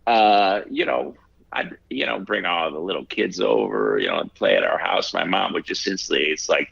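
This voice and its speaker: A man in his sixties from Ohio speaks in a low, gravelly voice with a husky edge. He talks halting and reflective, with plenty of fillers and restarts, as an interview guest. The audio is dull and lo-fi. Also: very animated, a bit bright, no room sound. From Ohio, USA. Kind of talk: casual interview chat.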